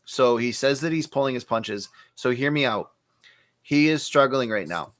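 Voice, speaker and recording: A man in the middle of his usual pitch, chatting easily on a comics podcast. He talks in a loose, rambling way, laughs a lot and builds out long theories step by step. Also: normal speed, dry recording. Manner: relaxed, laughs often, lays out fan theories at length. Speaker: podcast co-host. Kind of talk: casual chat.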